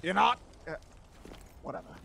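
A man voicing an arrogant, hot-headed alien warrior prince while playing a video game, swearing and shouting at it. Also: normal speed, a little hiss or hum, close to an everyday voice. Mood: ranting, gaming. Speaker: let's-play gamer. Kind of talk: gaming commentary in character. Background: game music.

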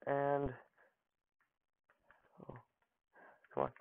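Slow-talking young man, tinny dry sound. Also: medium pitch, very animated, gravelly, clear, resonant tone, dry recording. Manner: joking, mock-dramatic taunts at opponents. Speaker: gaming channel host. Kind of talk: casual gameplay commentary. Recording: dry, phone-like narrow audio.

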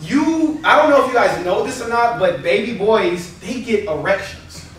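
A man from Los Angeles doing a stand-up comedy set, animated and blunt, laughing as he tells his stories. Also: high voice, moderate pace, slight background noise. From Los Angeles area. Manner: animated, laughs through lines, blunt and profane. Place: small late-night convention comedy room. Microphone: no microphone, heard from a distance. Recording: echoey room from far off with crowd. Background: live audience laughing and calling out.

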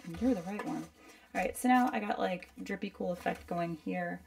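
Chatty woman painting live, slightly gravelly. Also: fairly low pitch, moderate pace, a little mellow, recorded from a distance. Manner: chatty, rambling, talks to herself while painting. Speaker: art instructor. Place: at a painting desk.

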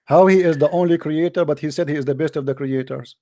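High-voiced man pressing the same question. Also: fairly even intonation, fast talker, warm tone, dry recording. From Middle East. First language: Arabic. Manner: insistent, repeats questions over and over. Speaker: debate host. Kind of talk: heated debate.

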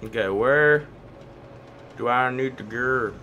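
Here a man hosts a video, loosely narrating his own gameplay while rambling to himself, and his voice cracks at times. He talks slowly at a medium pitch with a pushed, bright quality, and slight background noise can be heard.

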